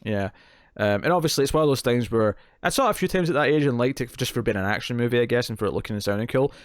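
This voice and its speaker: A man's voice: medium pitch, expressive, very fast, no echo, clean studio sound. A man in his thirties, co-hosting a casual film discussion, rambling and joking at his own expense. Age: 30s. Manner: rambling, self-deprecating, joking. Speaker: co-host.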